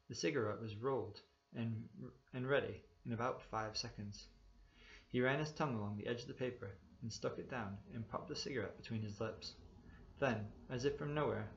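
A man narrates a story in an even, measured way, his voice carrying a gravelly rasp. The sound is dull and lo-fi, with the highs rolled off. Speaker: audiobook reader. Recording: dull lo-fi recording.

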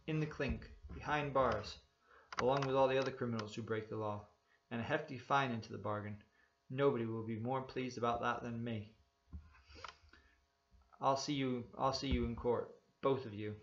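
A man's voice: medium pitch, steady tone, normal speed, dull audio, slight background noise, lightly acted. A man reading a story aloud, voicing a stern, bullying motorcycle policeman who barks and snaps his questions. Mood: gloating threat. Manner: barking, sharp, snapping.

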